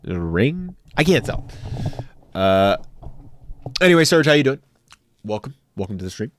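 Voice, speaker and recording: A young man streaming live, chatting casually with his viewers in an animated, joking way as he ranks characters on a tier list. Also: mid-range voice, moderate pace, a little hiss or hum. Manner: animated, jokey, talks back to chat.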